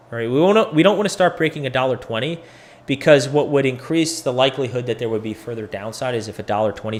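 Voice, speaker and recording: A man hosting a crypto education video, talking through charts in a loose, profane, thinking-aloud way. He sounds tired. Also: mid-range voice. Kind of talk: casual chart analysis video.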